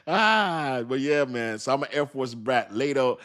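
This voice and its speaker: A man's voice: mid-range voice, drawn-out words, long pauses, a bit bright. A man hosting a crypto livestream, talking loosely and joking, with laughs and apologetic asides. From United States. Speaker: crypto channel host. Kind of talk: casual livestream chat.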